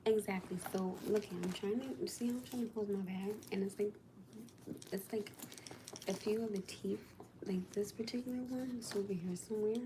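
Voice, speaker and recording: A woman's voice: mid-range voice, steady tone, moderate pace, very noisy. A woman casually chatting to viewers on a livestream, talking in an exasperated, chatty way to the people watching.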